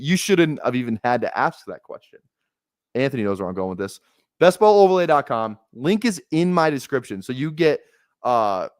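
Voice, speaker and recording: A young man hosting a casual live stream, talking fast in rambling bursts with restarts and plenty of swearing. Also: medium pitch, dry recording, clean studio sound. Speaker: fantasy football streamer.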